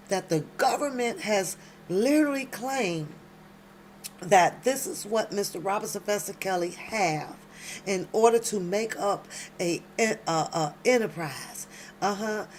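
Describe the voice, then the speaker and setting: A commentary channel host with a mid-range voice reads documents aloud at home late at night, then breaks off to speak directly to viewers in loud, emphatic slang. The recording carries a little hiss or hum.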